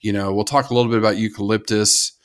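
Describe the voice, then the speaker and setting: A man's voice: on the low side, flat delivery, fast talker, smooth. Enthusiastic, rambling American man co-hosting a podcast. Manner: enthusiastic, rambling, frequent laughter and restarts. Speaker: podcast co-host. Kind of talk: casual conservation podcast chat.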